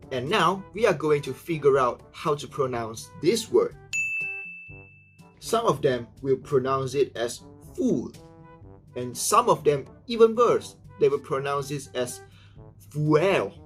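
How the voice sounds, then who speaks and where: A young man with a Malaysian accent takes students through a pronunciation lesson. He speaks slowly and carefully and leans hard on each example word, with faint music underneath. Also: medium pitch. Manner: slow, careful, over-stresses example words. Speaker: student presenter.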